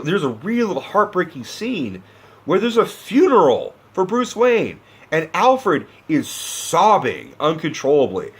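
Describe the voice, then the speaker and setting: A man's voice: a little high, a bit bright, slightly rough. A young man giving a profane, impassioned movie-review rant, sarcastic and acting out characters as he goes.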